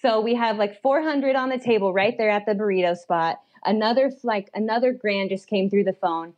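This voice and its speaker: A young adult woman telling a personal story as a podcast guest, animated and chatty, with lots of fillers and little laughs. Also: medium pitch, brisk, lo-fi sound. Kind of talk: storytelling in a casual chat.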